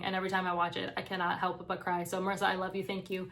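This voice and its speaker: A woman's voice: on the low side, monotone, fast talker, few pauses, a bit bright. A young woman vlogger talking to camera in an earnest, emotional and encouraging way. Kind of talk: casual heartfelt talk to camera.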